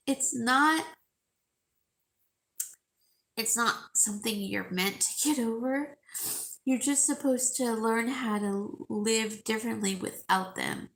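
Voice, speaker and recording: A woman chatting with her viewers while crying, her voice gravelly and worn from the tears. She talks very slowly, stopping often and repeating her words. Her voice sits a little high. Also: a bit bright. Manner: tearful, halting, repeats words. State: crying, sore throat. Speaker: jewelry seller live-streaming to viewers. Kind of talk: emotional live stream chat with viewers.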